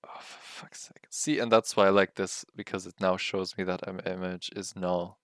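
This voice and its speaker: A man's voice: sits low, level tone, normal speed, a bit bright, no room sound, studio quality. A man streaming live while coding, muttering, swearing and laughing at his own frustration. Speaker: livestreaming game developer.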